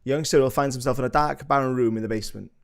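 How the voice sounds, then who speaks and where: A man's voice: mid-range voice, fast, gravelly. A man narrating the scene headings and stage directions of a live script read in a matter-of-fact way.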